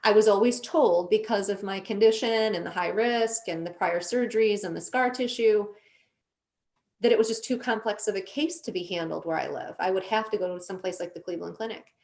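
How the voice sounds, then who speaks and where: A woman's voice: medium pitch, brisk, darkish tone. Earnest middle-aged woman telling her story. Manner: earnest, emotional, many restarts. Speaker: guest. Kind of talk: personal storytelling in conversation.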